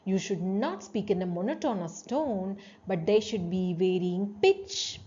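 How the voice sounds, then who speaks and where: A female teacher lectures a class, explaining terms, often checking in with "you know," and demonstrating tones by swinging her pitch and loudness. She speaks a little slowly, and the audio is dull.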